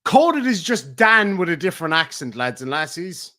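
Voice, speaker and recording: A middle-aged Irish man rants on a livestream, full of swearing and mockery. His voice sits a little high. He jumps from loud bursts to low mutters. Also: very animated, moderate pace, a little hiss or hum. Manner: profane, taunting, swings between loud and muttered. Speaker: streamer. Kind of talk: heated livestream rant.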